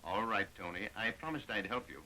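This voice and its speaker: An actor playing an obliging police captain who answers briefly and plainly, on an old film soundtrack. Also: male voice, on the low side, brisk, sharp tone, a little hiss or hum, low-quality recording.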